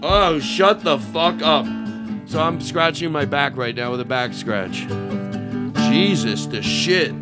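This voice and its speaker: A man's voice: on the high side, animated, takes it slowly. Male comedy podcast host, rambling, profane riffing over guitar music. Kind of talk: improvised comedy banter.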